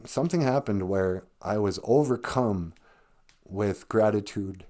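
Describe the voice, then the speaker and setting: Guy comedian telling a story on a stream, kinda low voice, chatty, laughs a lot. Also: unhurried, warm tone. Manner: conversational, laughs often, choked up; quotes people in short voiced bits.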